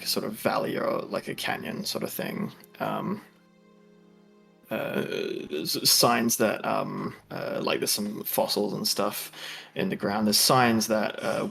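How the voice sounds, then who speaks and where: Slow, gravelly male game master. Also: lowish voice, a bit bright. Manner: halting, full of ums and uhs. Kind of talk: narrating a tabletop game.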